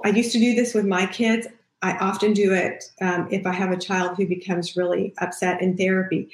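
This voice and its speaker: A middle-aged woman talks through parenting tips in a relaxed, conversational way. She acts out the lines she uses with kids as she goes. Her voice has a medium pitch and echoes in the room. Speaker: parenting podcast host and child therapist. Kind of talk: casual advice talk.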